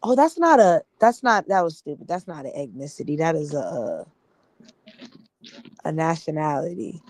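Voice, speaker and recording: A woman's voice: low-pitched, sing-song, moderate pace, darkish tone. A woman co-hosting a podcast, chatting loosely, laughing often and mimicking other people. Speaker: podcast co-host. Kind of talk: casual podcast chat.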